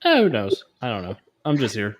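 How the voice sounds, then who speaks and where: Playful man with a lively voice. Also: lowish voice, a little fast. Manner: playful, offbeat quips. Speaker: co-host. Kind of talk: livestream chat show.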